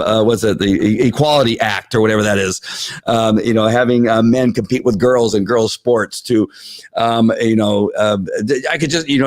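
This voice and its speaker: A man's voice: mid-range voice, no echo, clean studio sound. A man hosting a live political talk show from home, exasperated and rambling, with frequent restarts as he reads viewer comments.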